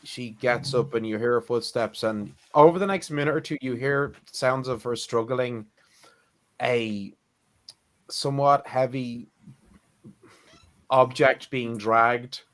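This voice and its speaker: A man working as game master, narrating a tabletop game gently, with hesitant pauses and fillers. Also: mid-range voice.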